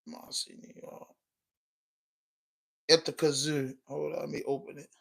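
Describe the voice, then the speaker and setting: Male podcast host, loose and emphatic, with a sharp, somewhat high voice. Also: flat delivery, unhurried, vocal fry, rough recording. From Baltimore. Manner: loose, emphatic, peppered with "you know what I'm saying". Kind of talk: casual livestream chat.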